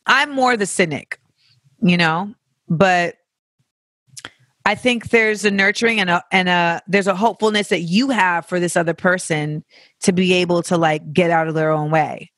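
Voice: mid-range voice, moderate pace, fairly bright tone, no room sound, clean studio sound. A podcast host, talking casually and candidly, with profanity and playful tangents while answering listener questions. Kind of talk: casual reflective chat.

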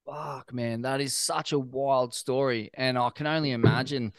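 A man's voice: mid-range voice, fairly even intonation, normal speed. An Australian man hosting a casual interview, laid-back and reacting with enthusiasm and the odd swear. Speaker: podcast host.

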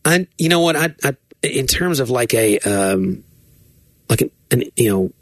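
A male podcast co-host reading listener emails in casual chat, halting and full of fillers. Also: mid-range voice, animated, no echo. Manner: hesitant, many fillers.

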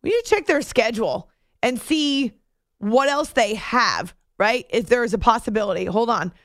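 A woman's voice: on the high side, lively intonation, moderate pace, dry recording, studio quality. A woman hosting a sports talk show, chatty and playful, with joking asides to her producer.

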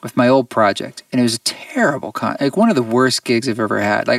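A man, a musician guest on an interview show, tells a personal story in an earnest, reflective way with halting restarts. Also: mid-range voice, expressive, gravelly, fairly bright tone, dry recording, recorded from a distance.

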